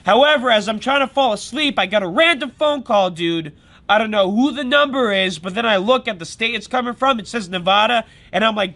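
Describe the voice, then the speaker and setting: High, bright-voiced young man vlogging. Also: animated, fairly quick. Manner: blunt, defiant, chatty storytelling. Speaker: daily vlogger. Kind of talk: casual vlog voice-over narration.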